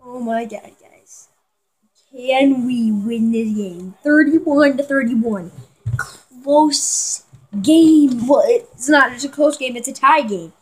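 A woman giving excitable live commentary on a football video game, talking to her viewers and yelling at big plays. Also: high-pitched, takes it slowly, breathy edge, low-quality recording. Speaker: gamer.

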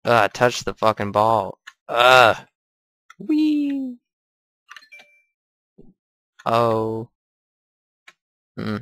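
A man's voice: medium pitch, fairly bright tone, smooth, no room sound. A man giving crude, profane let's play commentary while gaming. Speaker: gamer.

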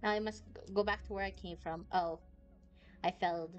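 A woman's voice: lowish voice, fairly even intonation, moderate pace, lo-fi sound, faint music behind. A woman VTuber chatting casually and rambling as she plays a game, squealing and swearing when startled. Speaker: VTuber streamer. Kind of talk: casual gameplay commentary.

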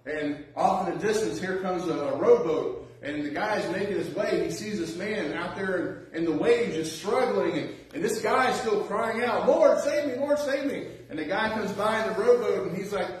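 A man's voice: high-pitched, normal speed, few pauses. A man preaching a sermon, reading scripture aloud and then urging his listeners with earnest, rising emphasis. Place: church sanctuary. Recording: very echoey church hall, mic at a distance.

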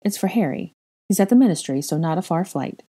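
A flustered young witch who talks in an awkward, apologetic way, as a woman reads her. Her voice is mellow and sits a bit above the narration. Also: on the low side, lively intonation, a little fast, slightly rough.

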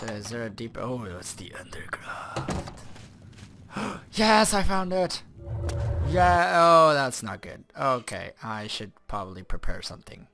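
A man giving excitable, swearing commentary while playing a video game, with surprised yelps. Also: on the low side, vocal fry. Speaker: let's play gamer. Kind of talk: casual gameplay commentary. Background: game music.

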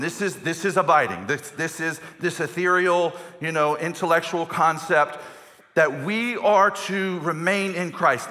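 A man pastor preaching a sermon from a church stage, animated and emphatic, often repeating phrases for effect. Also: a little high. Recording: long hall reverb of a church.

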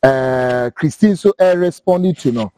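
A Ghanaian man hosts a political talk show, mixing English and Twi. His mid-range voice is mellow, expressive and unhurried, with no room sound. He speaks emphatically, repeating words as he builds his points.

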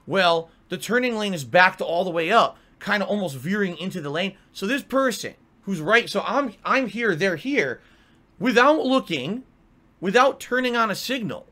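A man with a high voice rants through an exasperated story. His tone is bright and tense, and he keeps swearing. His delivery stays animated and full of disbelief throughout. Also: normal speed. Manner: exasperated, profane, animated ranting. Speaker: vlogger. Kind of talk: ranting storytelling.

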